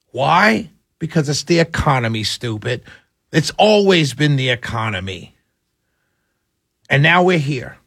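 This is a male radio host with a high-pitched voice, talking straight at his audience. He hammers his points with repetition and a lecturing tone. The sound is close and dry, with no room echo. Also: a bit bright. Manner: emphatic, repetitive, lecturing listeners. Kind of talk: political commentary monologue.

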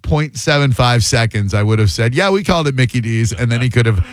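A man's voice: mid-range voice, expressive, dry recording. Joking male radio host, dry studio sound. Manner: quick, joking, teasing. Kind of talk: casual call-in radio banter.

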